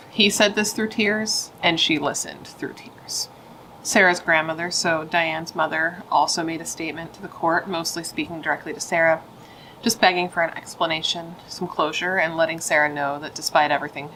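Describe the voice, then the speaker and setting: Woman, low bright voice, chatty true-crime host, blunt opinionated asides. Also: a little hiss or hum, low-quality recording. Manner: chatty and opinionated, with frequent "like" fillers. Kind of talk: casual true-crime storytelling.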